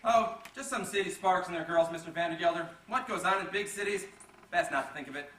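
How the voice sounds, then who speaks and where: An actor playing a sly servant and reformed petty thief in a live student stage play, talking in chatty, confiding asides. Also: male voice, sits high, brisk, a bit bright. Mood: deferential. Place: theater stage. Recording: echoey hall from far off, faint noise.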